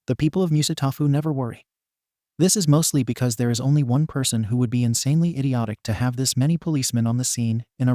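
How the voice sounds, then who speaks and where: A man's voice: medium pitch, mellow, no room sound, clean studio sound. A man narrating a fan story in a wry, playful scripted reading.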